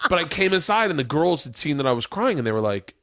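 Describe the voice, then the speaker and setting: A man's voice: a little high, very animated, quick pace, no echo. Rambling man podcast host, dry close mic. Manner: loud, rambling storyteller who breaks into squealing laughs. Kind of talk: casual podcast chat. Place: home studio.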